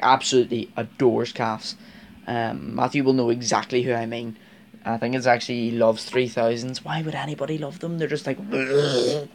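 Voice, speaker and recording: A man's voice: medium pitch, a little hiss or hum. A man with a Northern Irish accent chatting casually to camera about his model railway, rambling with lots of fillers and frequent laughs. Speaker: vlogger, model railway fan.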